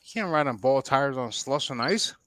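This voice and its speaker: A man's voice: mid-range voice, lively intonation, moderate pace, a bit bright, dry recording. A man giving laid-back advice in casual podcast banter. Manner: laid-back, lecturing in fun.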